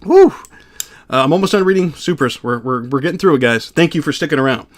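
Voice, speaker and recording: A man's voice: medium pitch, lively intonation, fast talker, fairly bright tone. A young adult man reading out viewer donations on a livestream in a casual, blunt, profane way.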